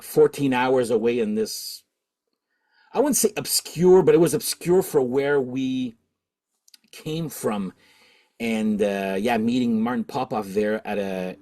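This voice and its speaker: Here a middle-aged man from Canada, host of a channel about collecting records, spins a meandering casual story, stopping, restarting and leaning on fillers. He speaks in a mid-range, slightly mellow voice.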